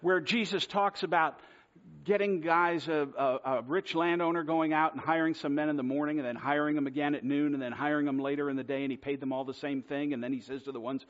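A man's voice: fairly high pitch, steady tone, fairly quick. Man preaching a conversational sermon, lo-fi. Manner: conversational storytelling, self-deprecating. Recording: dull lo-fi sermon recording.

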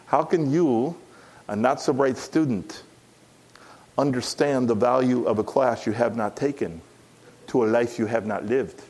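A man's voice: medium pitch, measured pace, a little mellow, close to an everyday voice. A man voicing a stern older male professor putting a student in his place, with a dry, cutting put-down.

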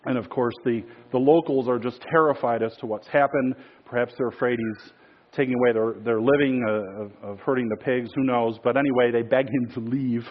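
Brief: male preacher, mid pitch, relaxed storytelling, filler-heavy delivery, dull recording. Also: brisk. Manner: casual, many fillers and restarts. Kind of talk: sermon with storytelling.

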